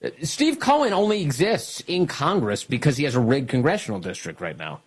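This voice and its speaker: A man's voice: medium pitch, fairly quick, breathy edge. A man hosting political talk radio, mocking and combative in his commentary. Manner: mocking, combative, animated delivery. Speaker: radio host.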